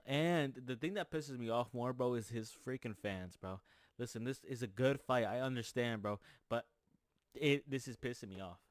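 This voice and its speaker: A man's voice: mid-range voice, moderate pace, no echo. A young man ranting hotly about fights, repeating his points and calling everyone "bro". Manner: fired up, repetitive, says "bro" constantly; gets louder for emphasis, repeats points. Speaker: MMA commentator. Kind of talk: heated rant vlog.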